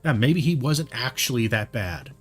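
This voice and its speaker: Male commentator, mid-pitched, loose and rambling, a bit worked up, light music bed. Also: lively intonation, normal speed, a bit bright, husky. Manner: rambling, heated, many fillers and restarts. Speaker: commentator reacting to a video. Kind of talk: casual spoken commentary.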